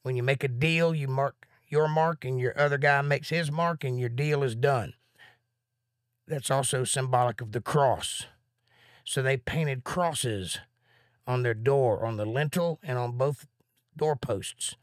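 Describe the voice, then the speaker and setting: A man teaching a live Bible study at an average pitch, his voice close and dry with no room echo. He rambles excitedly as he thinks aloud and sounds a little out of breath. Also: unhurried.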